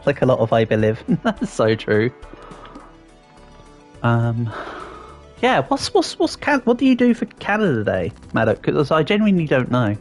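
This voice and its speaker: Lively-voiced English man streaming a game. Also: medium pitch, moderate pace, long pauses, faint music behind. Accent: English, fairly posh southern English. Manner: chatty, playful, trailing off with ums and restarts. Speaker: livestreamer reading chat. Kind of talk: casual livestream chat while gaming.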